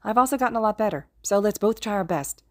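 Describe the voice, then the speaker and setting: A woman voicing a nervous, eager teenage boy hero who stammers and gushes in a quick, excitable voice. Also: medium pitch, no room sound, clean studio sound, lightly acted. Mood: excited.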